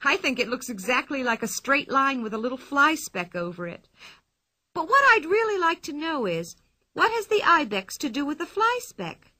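A cheeky, chattering little girl spins tall tales in a bright, lively voice that jumps around in pitch, as a woman reading the story puts her on. The sound is dry and close. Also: normal speed, no room sound, full character voice. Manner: excited and boastful, higher and louder. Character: bold chattering young girl, boastful and cheeky.

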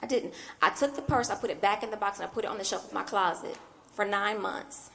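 A woman's voice: mid-range voice, fast, vocal fry, fairly bright tone. A woman minister preaching a sermon as a personal story, talking animatedly and often breaking in with "I mean" asides. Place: church.

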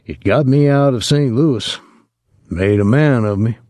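A man reading as a young soldier from Saint Louis, talking in a soft, lazy drawl with an ironic edge. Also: medium pitch, measured pace, no echo, clean studio sound, pitched above the performer's own voice, close to an everyday voice.

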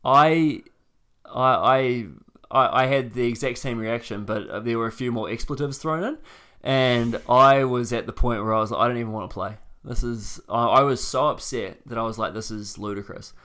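A young man co-hosting a casual podcast, telling a story with animated repeats when worked up. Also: medium pitch, normal speed, clean tone. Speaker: podcast co-host.

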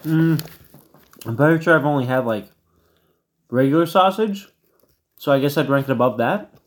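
A man's voice: on the high side, moderate pace. Easygoing man in playful banter. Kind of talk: casual comedic banter.

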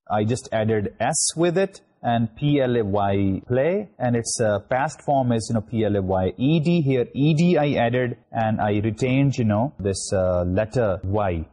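A middle-aged Pakistani man delivers a recorded university lecture, spelling out words letter by letter and leaning on fillers like "you know". His voice is husky and mellow, and his pitch swings widely. He speaks English with a Pakistani accent. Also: muffled recording.

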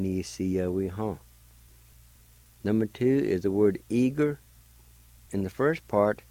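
An older man teaches vocabulary on the radio in a very low, mellow voice. He speaks at an unhurried pace, spells each word letter by letter and repeats it patiently. The sound is dry and close. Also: dry recording, low-quality recording. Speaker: radio host teaching language. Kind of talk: slow, deliberate language lesson.

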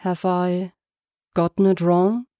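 A woman reading the lines of a kind, hesitant middle-aged man in a storybook, gentle and uncertain. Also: lowish voice, little pitch movement, slow, no echo, studio quality.

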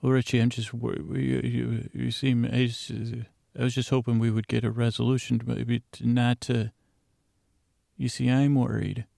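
A man voicing a worried, anxious man trying to calm his friend, speaking hesitantly with lots of stammering, in an audio drama. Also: mid-range voice, moderate pace, vocal fry, dry recording, clean studio sound.

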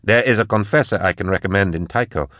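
A man voicing a steady, caring woman pilot in an audiobook, speaking in a measured, matter-of-fact way. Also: on the low side, no echo, clean studio sound, lightly acted. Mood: earnest.

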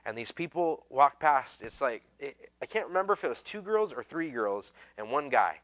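Telling a story in a loose, conversational sermon, a male pastor stumbles over fillers and restarts sentences. His bright, forward voice sits at medium pitch with lively intonation and normal speed. He pokes easy, self-deprecating fun at himself.

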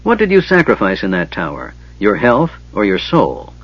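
A man's voice: lowish voice, wildly swooping pitch, normal speed, breathy edge, full character voice. A man as a cold, stiff knight. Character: stern, proud male knight. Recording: dull lo-fi recording.

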